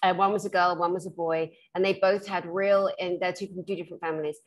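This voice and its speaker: Animated British woman telling stories. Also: on the low side, fast talker. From Britain. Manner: animated storyteller who acts out the people she quotes; frank and blunt, laughs through her stories. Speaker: spiritual therapist. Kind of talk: casual storytelling chat.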